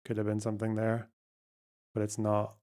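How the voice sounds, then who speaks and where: A man's voice: lowish voice, monotone, normal speed, mellow. A man hosting a casual livestream, thinking aloud and muttering over a word puzzle, swearing now and then. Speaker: livestream host.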